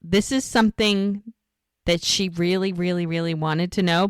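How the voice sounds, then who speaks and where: A woman's voice: lowish voice, moderate pace, clear, resonant tone, no echo. A woman co-hosting a podcast, casually recapping a TV episode and acting out the characters' lines. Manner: animated retelling, acts out dialogue.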